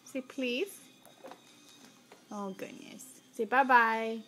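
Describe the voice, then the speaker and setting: A young mother filming at home, patiently coaxing her toddlers to repeat words in a slow, sing-song way. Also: a little high, steady tone, very noisy. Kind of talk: home video, coaxing small children.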